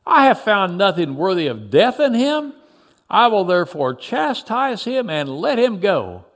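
A man's voice: high-pitched, big pitch swings, a bit bright, full character voice. A man voicing a stern, exasperated Roman governor. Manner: archaic formal speech, slow and emphatic.

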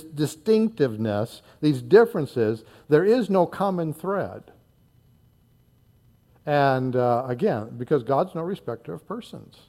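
A pastor in his sixties from northern Indiana preaches earnestly, in a loose conversational style that keeps circling back with little fillers. His voice sits a touch higher than most men's. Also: darkish tone. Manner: earnest, conversational preaching with frequent "uh" and repeated words. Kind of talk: sermon.

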